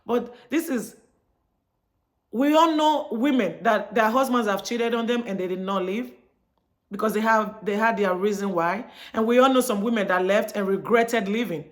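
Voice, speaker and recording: This woman, a vlogger from Chicago in the United States, addresses her viewers in an easygoing monologue. She tells a story in a chatty way and acts out both speakers in the conversation, using a mid-range voice at a moderate pace.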